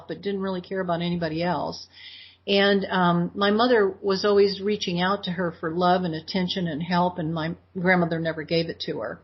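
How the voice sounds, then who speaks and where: A middle-aged woman speaks as an interview guest, her voice breathy and husky and sitting a little low. She recounts a personal story earnestly, leaning on key words and slowing down for emphasis. The sound is dull and lo-fi.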